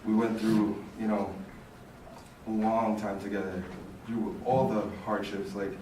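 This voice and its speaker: A young man giving an informal memorial speech as a fraternity brother, halting and full of fillers like "like" and "you know". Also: on the low side, level tone. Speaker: eulogy speaker, fraternity brother. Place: large echoey hall at a memorial. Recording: echoey hall, distant voice, room noise.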